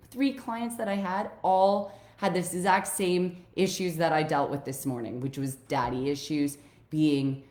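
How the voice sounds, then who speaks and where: A woman life coach with a low, slightly mellow voice speaks in a roomy-sounding space. In an emotional personal vlog, she opens up raw and heartfelt to her viewers about old pain, swearing freely.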